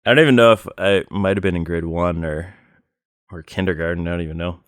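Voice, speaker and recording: A man co-hosting a podcast, telling plain, unhurried stories with many fillers in casual chat. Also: low-pitched, dry recording, clean studio sound. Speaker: podcast co-host.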